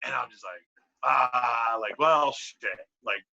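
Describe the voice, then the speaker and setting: A man on a podcast telling a wrestling story in casual, animated talk, swearing a lot and filling with "like". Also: mid-range voice, slow pace, creaky. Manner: animated, profane, lots of "like" fillers. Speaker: podcast guest, pro wrestler. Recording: dull lo-fi podcast audio.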